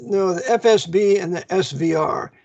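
A man's voice: high voice, normal speed, creaky, darkish tone, lo-fi sound. A man speaking as a guest in a casual chat, emphatic, cutting in with corrections and asides. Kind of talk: casual conversation.

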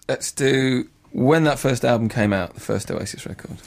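A man's voice: medium pitch, normal speed, gravelly, faint music behind. A man hosting a radio interview, leading it with curious questions. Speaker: radio presenter.

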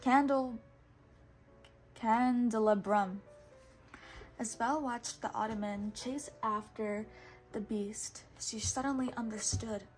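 A woman reads a children's storybook aloud, steady and patient. Her voice sits fairly high. She sometimes stops to correct a word and carries on. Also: unhurried, faint music behind. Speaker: storybook reader.

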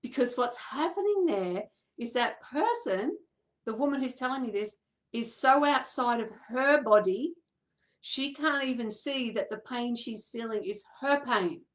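A woman, a coach telling a personal story to an audience in an animated way, acting out quoted voices and laughing often. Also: a little high, a little slow.

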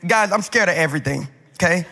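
A man with a high, bright voice and a speech impediment preaches a lively sermon, mixing comic stories with calls to the crowd. He talks straight to the people in front of him. His voice carries a long reverb from a large church auditorium. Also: fast, vocal fry. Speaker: pastor.

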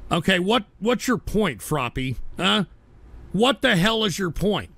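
A high, gravelly man rants as the host of a live radio stream. His voice is bright and cutting, and it goes off into abrasive shouts. The sound is dry and close. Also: big pitch swings, a little slow, dry recording. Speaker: livestream radio show host. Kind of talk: profane on-air rant reading chat.

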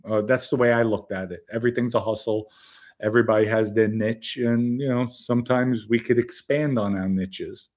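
A man's voice: lowish voice, steady tone, normal speed, a little mellow. Blunt streetwise man telling a story. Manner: blunt, streetwise, rambling with fillers. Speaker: livestream host telling a story. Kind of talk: casual storytelling to a live chat.

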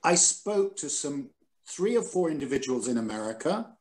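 Older man, 60s, video-call guest; higher male voice; lively, self-mocking storyteller. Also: moderate pace. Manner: animated, self-deprecating, quotes others dramatically. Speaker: guest, former newspaper editor. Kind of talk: recalled anecdotes in a Zoom conversation.

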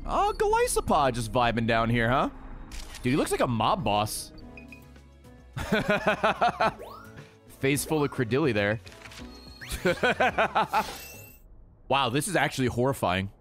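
A man streaming a game, excitable and swearing freely as he yells at the creatures on screen. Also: medium pitch, takes it slowly, long pauses, faint music behind. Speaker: gaming streamer. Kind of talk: casual let's-play commentary.

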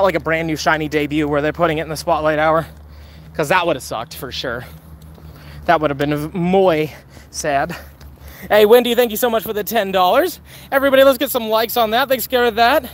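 A man's voice: high voice, a bit bright, slight background noise. A man live-streaming a mobile game outdoors, chatting casually with viewers, joking and thanking donors.

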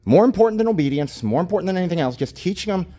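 A man explaining dog training in a casual lesson, talking into a camera he holds himself. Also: rapid-fire. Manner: switches between calm explanation and high-pitched baby talk praising the dog. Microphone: handheld camera.

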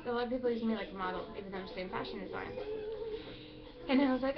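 A woman's voice: a little high, very fast, pauses often. Chatty young woman, lo-fi. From Mexico. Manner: chatty, rambling storytelling. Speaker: vlogger. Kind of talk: casual chat.

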